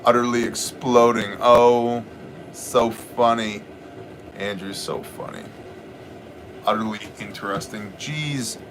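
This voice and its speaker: A man's voice: mid-range voice, steady tone, slow, long pauses, noisy background. A man hosting a livestream, chatting casually, joking with viewers, greeting them by name and shifting into Bible teaching. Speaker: livestream host. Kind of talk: casual livestream chat, reading viewer comments.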